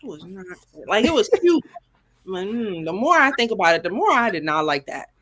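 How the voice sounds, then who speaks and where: A woman co-hosting a podcast in casual chat, animated and exclaiming, talking straight to listeners. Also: medium pitch, fairly quick. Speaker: podcast co-host.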